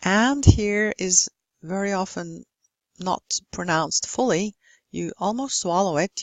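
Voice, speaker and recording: A Norwegian woman teaching English pronunciation in a slow, careful way, working through example word lists one at a time. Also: lowish voice, vocal fry, no echo. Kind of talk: recorded phonetics lesson.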